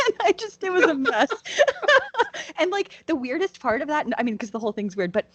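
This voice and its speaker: A woman co-hosting a podcast in casual chat, talking quickly and animatedly and acting out quoted dialogue. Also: mid-range voice, expressive, dry recording, lo-fi sound. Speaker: podcast co-host.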